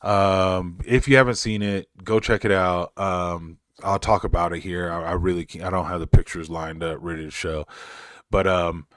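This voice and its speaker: A man's voice: sits low, dry recording, clean studio sound. A man chatting casually on a livestream, answering his chat in a rambling way, laughing and cracking self-mocking dad jokes. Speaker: streamer reading live chat.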